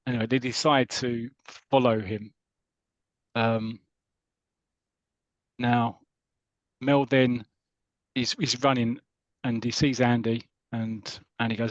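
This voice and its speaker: A British man on a podcast, chatting and retelling a comic story in a rambling, lively way. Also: medium pitch, slow pace, long pauses, no room sound. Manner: chatty, rambling, lively when reading out characters' lines. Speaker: podcast host. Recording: dull lo-fi audio.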